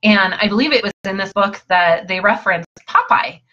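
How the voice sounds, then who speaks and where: A woman's voice: medium pitch, moderate pace, sharp tone, highs cut off. A woman coaching listeners in an earnest, emphatic motivational talk, often repeating her phrases.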